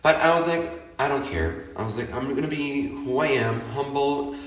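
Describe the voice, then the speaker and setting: A man's voice: medium pitch, a little fast, faint music behind. A man from Chicago with a Chicago accent, talking casually and expressively about his life, laughing often and acting out what he said. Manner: chatty and expressive, laughs often, theatrical quoted asides. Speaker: podcast host. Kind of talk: casual personal monologue. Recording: roomy echo, somewhat distant from the mic.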